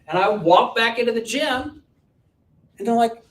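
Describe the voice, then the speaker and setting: A man coaching an audience through a joking, self-mocking personal story, told with lively energy. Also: measured pace. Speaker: business coach and speaker. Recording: roomy and distant with faint rumble.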